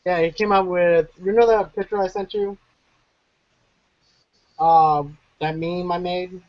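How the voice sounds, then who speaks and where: A man's voice: high-pitched, fairly even intonation, measured pace, muffled recording. A man co-hosting a movie podcast in casual chat, laid-back and telling funny stories. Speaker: podcast co-host.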